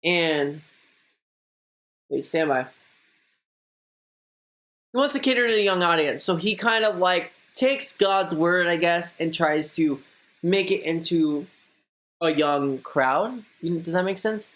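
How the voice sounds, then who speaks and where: A man's voice: on the high side, expressive, slow, long pauses, fairly bright tone. Rambling young man chatting on stream. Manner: rambling, many fillers like "like", chatty. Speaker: streamer reading viewer messages. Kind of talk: casual live-stream chat.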